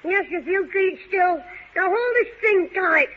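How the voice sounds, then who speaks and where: A woman's voice: very high voice, animated, unhurried, heavy background noise. A woman playing a wisecracking, bossy young lad. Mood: cheeky. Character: cheeky, quick-witted young London lad, Jim. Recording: dull old radio recording.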